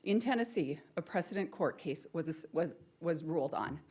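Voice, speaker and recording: A woman's voice: low-pitched, expressive, moderate pace, a little mellow, breathy edge. A woman and parent giving an emotional public comment at a school board meeting, pleading and repeating her questions. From North Dakota, US.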